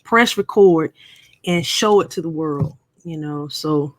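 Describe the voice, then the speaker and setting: A woman's voice: low voice, slow, no echo, studio quality. A middle-aged woman hosting a casual live stream, chatting and playfully teasing viewers.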